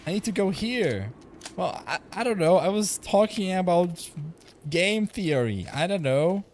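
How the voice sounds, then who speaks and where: A man's voice: on the high side, animated, normal speed, darkish tone, slight background noise. Young man rambling on a game stream. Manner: rambling, swearing, laughing often. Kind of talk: casual gaming livestream chat.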